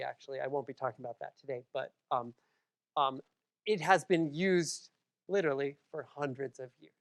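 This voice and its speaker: A woman from Massachusetts giving a public library lecture, conversational, with frequent ums and asides to the audience. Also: low voice.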